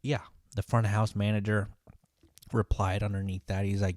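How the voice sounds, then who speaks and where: A man's voice: lowish voice, normal speed, pauses often, no echo. Brief: line cook, male, casual profane storyteller, dry recording. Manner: profane, venting, animated.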